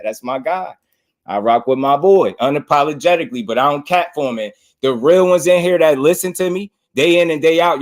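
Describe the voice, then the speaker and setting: A New man hosts a casual boxing stream, talking straight to his viewers. He laughs easily as he goes. When he mocks his critics, he slips into teasing impressions of them. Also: fairly high pitch. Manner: laughs often, talks straight to chat; mocks critics in exaggerated voices. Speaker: boxing commentator and channel host. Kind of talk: casual live-stream commentary.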